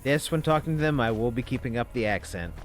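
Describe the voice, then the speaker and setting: A man's voice: mid-range voice, animated, fast talker, soft background music. A man giving casual gaming commentary as a streamer, wry and self-deprecating, swearing offhandedly.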